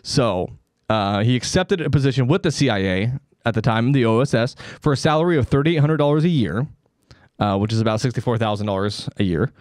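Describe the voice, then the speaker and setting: A man's voice: medium pitch, lively intonation, a little fast, darkish tone, no room sound, studio quality. A man hosting a comedy podcast, telling a story in a loose, rambling, casual way with swearing and asides. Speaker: podcast host.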